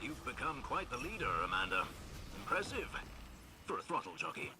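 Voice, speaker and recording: A man's voice: medium pitch, sing-song, fairly quick, natural voice. An actor playing a brash male infantry soldier bantering with a pilot, in video game dialogue. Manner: bantering, dry.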